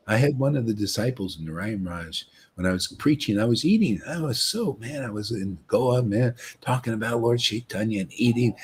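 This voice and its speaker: A man's voice: a little high, normal speed, husky. A man giving an informal, rambling spiritual talk, telling stories and mocking other devotees. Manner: rambling, animated storytelling that mocks other devotees. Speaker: spiritual teacher.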